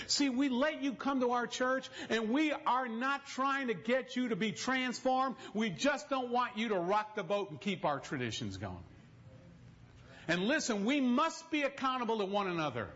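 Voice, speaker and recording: A man's voice: very high voice, big pitch swings, moderate pace, a bit bright. A man preaching a sermon in a church, telling stories with direct appeals to the congregation and humorous asides. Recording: dull lo-fi recording.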